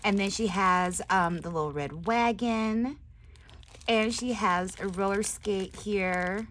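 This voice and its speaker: A woman hosting her crafting channel, chatting casually as she unboxes swap gifts, gushing with excited exclamations and soft whispered asides. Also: mid-range voice, slow.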